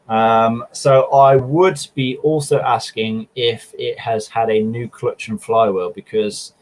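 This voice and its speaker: A young man with a slightly low voice chats casually to his viewers about cars. He rambles, pauses on ums and restarts his sentences, in a relaxed, unhurried way. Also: low-quality recording. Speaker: car channel host answering viewer questions. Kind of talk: casual chat.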